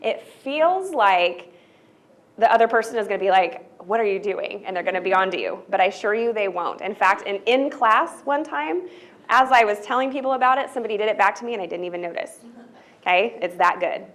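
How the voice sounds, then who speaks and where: Woman trainer, easygoing workshop delivery, middle-pitched, lots of "right?" tags. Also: lively intonation, a little fast, fairly bright tone. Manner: conversational, often checks in with "right?"; loose, filler-heavy delivery with restarts. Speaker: workshop presenter. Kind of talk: college staff training talk.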